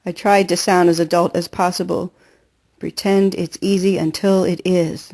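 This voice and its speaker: A woman reading a first-person novel aloud in an earnest, steady storytelling voice. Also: lowish voice, moderate pace. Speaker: audiobook reader.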